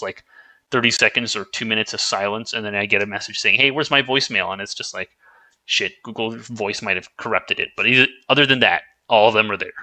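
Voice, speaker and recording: A man's voice: medium pitch, sharp tone, rough recording. A man talking to his viewers in a casual, rambling vlog, often restarting his sentences and swearing offhandedly. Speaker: YouTuber.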